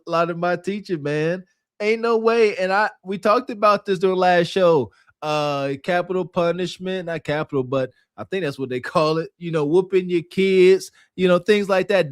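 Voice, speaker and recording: A man's voice: a little high, clean tone, no room sound, clean studio sound. A man co-hosting a podcast, agreeing with his partner and reflecting on his own past. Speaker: podcast co-host. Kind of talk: reaction commentary and storytelling.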